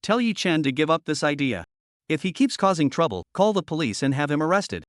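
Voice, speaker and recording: A man voicing an angry middle-aged mother who scolds and shouts. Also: on the high side, big pitch swings, a little fast, dry recording, studio quality. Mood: furious. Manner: shouting, indignant.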